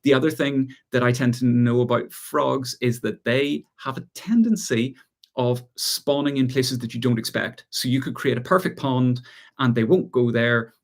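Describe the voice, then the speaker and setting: A man with an Irish accent hosting a relaxed live chat, reading out viewer questions and answering them with easy laughs. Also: mid-range voice. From Ireland. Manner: relaxed, chatty, reads out viewer comments and laughs often. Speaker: gardening channel host.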